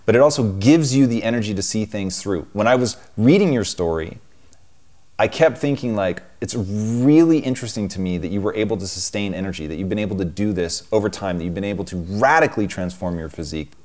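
A man's voice: on the low side, brisk, darkish tone. A man hosting a long-form interview, thoughtful and building long, reflective questions. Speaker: interview show host.

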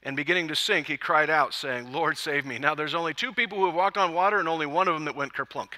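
A man preaching to his church congregation, his voice very bright and ringing. He pitches a little higher than most men and keeps the message lively with jokes and acted-out lines. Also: fast talker, long reverb tail. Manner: lively, joking storyteller who acts out quotes. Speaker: pastor. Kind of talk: sermon. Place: church service.

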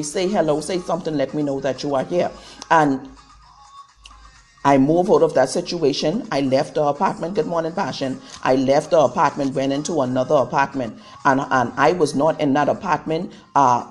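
A woman preaches her testimony over a live stream. She talks with fervent conviction, circles back on the same phrases again and again, and fills her pauses with little stumbles and "uh"s. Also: low voice, darkish tone. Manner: fervent, repetitive preaching with many fillers. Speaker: prophetess.

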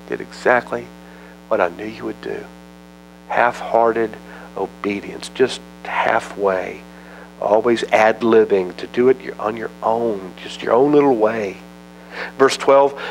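A man's voice: medium pitch, moderate pace, rough recording. A man pastor teaching a verse-by-verse Bible study in a conversational, folksy way, reading scripture aloud and acting out its dialogue. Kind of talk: expository sermon, Bible teaching.

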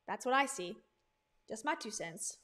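A woman with a notably high voice talks through a reaction commentary in a loose, chatty way. She leans sarcastic and drops laughing asides between points. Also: expressive, a little slow, pushed and bright. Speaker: commentary host.

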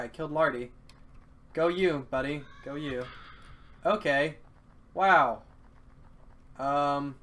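A young man giving casual, excitable commentary over his gameplay. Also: fairly high pitch. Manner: excitable, swears and yelps at the game. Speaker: let's play gamer.

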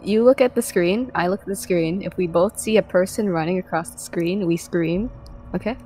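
A woman's voice: on the low side, normal speed, mellow, soft background music, low-quality recording. Giggly woman co-streamer. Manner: giggly, teasing. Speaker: game streamer. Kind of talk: casual gaming banter.

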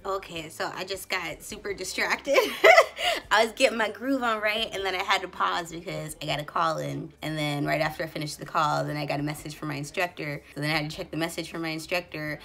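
A woman in her late twenties chatting casually at home as a vlogger, full of fillers and quick laughs. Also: on the low side, animated, creaky, sharp tone. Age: late 20s. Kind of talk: casual vlog chat.

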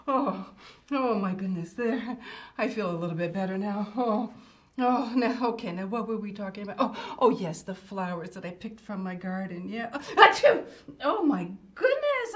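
An older woman reads a picture book to children with a high voice that swoops up and down. She talks in a fussy, grandmotherly way and breaks in often with little exclamations. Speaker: children's show host.

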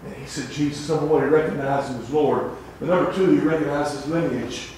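A man's voice: fairly high pitch, fairly even intonation, fairly quick, far from the mic. Fiery preacher man in echoey church. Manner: fiery, swings between shouting and hushed asides. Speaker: evangelist preacher. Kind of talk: revival sermon. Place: church sanctuary. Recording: echoey church sanctuary with faint room noise.

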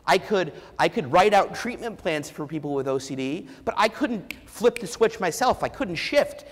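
A man giving a keynote speech, telling a candid personal story with self-deprecating humor and halting restarts, on a lavalier mic. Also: high-pitched, expressive. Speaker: keynote speaker. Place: large conference hall before an audience. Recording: long hall reverb.

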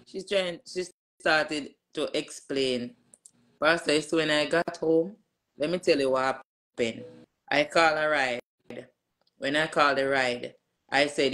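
A woman's voice: low-pitched, measured pace, fairly bright tone. A middle-aged woman telling her pastor what happened to her, in an emphatic way and acting out what people said. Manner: emphatic storyteller who re-enacts dialogue with many "I said". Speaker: church member giving a testimony to her pastor. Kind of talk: casual spoken testimony.

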